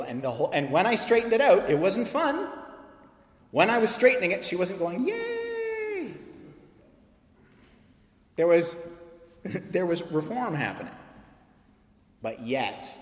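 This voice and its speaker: A man preaching a sermon as pastor, telling a personal story and acting out the voices in it. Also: mid-range voice. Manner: animated storytelling preacher, acts out quoted voices. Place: church sanctuary. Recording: echoey hall with long reverb.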